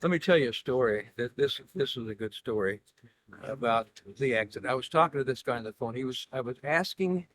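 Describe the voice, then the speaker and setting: A man speaks as an interview guest in casual conversation. He tells his stories in a dry, wry way, often stopping to restart a sentence. His pitch sits in the usual middle range for a man. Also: animated, a little fast, a bit bright.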